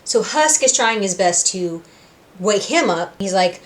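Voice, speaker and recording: A woman hosting a reaction video, casually recapping a cartoon episode with lively retellings, acting out characters' lines and correcting herself as she goes. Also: medium pitch, a little slow. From Puerto Rico. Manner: animated, acting out quotes in voices, self-correcting.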